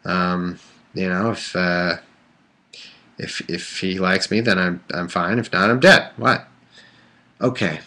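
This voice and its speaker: A man's voice: deep voice, steady tone, takes it slowly, long pauses, bright, forceful tone. A man reading the Bible aloud on a casual livestream, breaking off into irreverent jokes and rambling asides full of fillers. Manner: irreverent, joking asides between scripture passages; rambling with many fillers and restarts.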